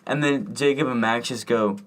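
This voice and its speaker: A man's voice: mid-range voice, moderate pace. A young man co-hosting a podcast in a laid-back, joking way. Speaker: podcast co-host. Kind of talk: casual chat.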